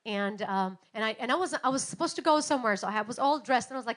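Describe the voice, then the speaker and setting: A woman in her thirties preaching a sermon, telling stories and acting out quotes with big swings in loudness. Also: on the high side, lively intonation, fast, few pauses. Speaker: pastor.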